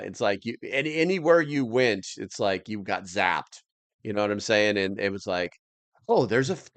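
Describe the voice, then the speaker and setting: A man's voice: fairly low pitch, clear, resonant tone, dry recording. An American man hosting a casual livestream, rambling loosely and reading viewer comments aloud. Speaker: livestream host.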